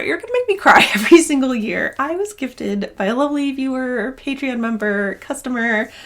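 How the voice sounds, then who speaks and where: A woman's voice: mid-range voice, fairly bright tone, slight background noise. Chatty young woman vlogger, gushing, casual and unscripted. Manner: gushing, chatty, rambling with restarts. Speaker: knitting vlogger and yarn dyer. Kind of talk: casual vlog chat.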